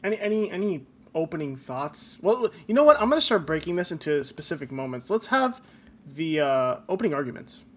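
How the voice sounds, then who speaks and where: A man's voice: a little high, sing-song, a little fast. A man in his twenties co-hosting a comedy podcast, joking around, laughing often and reading listener stories aloud. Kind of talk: casual comedic chat.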